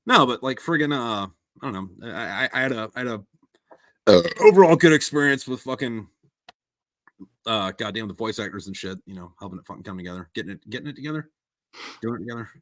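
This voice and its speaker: A man hosting a casual podcast chat, halting and full of fillers, swearing heavily as he talks. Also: medium pitch, animated, a bit bright, dry recording. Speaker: podcast host and audiobook narrator.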